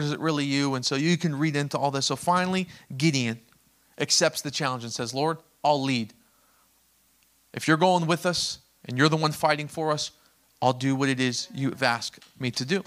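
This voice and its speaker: A man preaching a sermon, retelling a story with animated delivery and acted-out voices that swing between loud outbursts and quiet asides. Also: a little high. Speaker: pastor.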